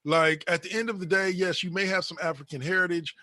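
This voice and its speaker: A man co-hosting a podcast, riffing on wrestling in an animated, slangy way and calling people brother. His voice is fairly high and sharply bright, recorded dry and close. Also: quick pace, dry recording. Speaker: podcast co-host. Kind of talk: casual wrestling chat.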